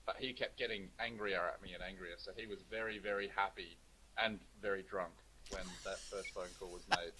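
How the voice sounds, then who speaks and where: Low-voiced Australian man. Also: fairly even intonation, brisk, pushed and bright, poor audio. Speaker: co-author and guest. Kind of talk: casual chat. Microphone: video call.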